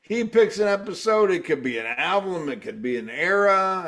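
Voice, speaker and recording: A man's voice: high-pitched, sing-song, normal speed, a bit bright, faint music behind. A man co-hosting a casual podcast, rambling, stammering and laughing often. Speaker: podcast co-host.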